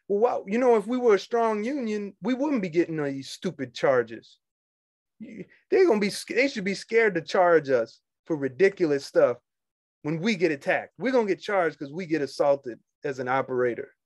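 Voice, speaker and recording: A man, a union organizer talking casually to fellow members, animated and quick to laugh and scoff. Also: a little high, dry recording, clean studio sound. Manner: animated, laughs often, dismissive asides.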